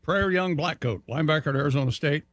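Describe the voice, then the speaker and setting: A man's voice: on the high side, fast, fairly bright tone, no room sound, studio quality. A man co-hosting a casual talk show, reading out names and spelling them out in an upbeat way. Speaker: co-host. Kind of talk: casual radio chat.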